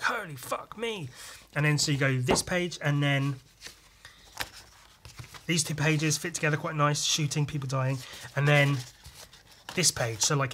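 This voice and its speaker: A man hosting a podcast, chatting casually and excitably, with lots of swearing and homemade sound effects. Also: on the high side, background noise. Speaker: podcast host and comic artist. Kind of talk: casual chat walking through comic pages.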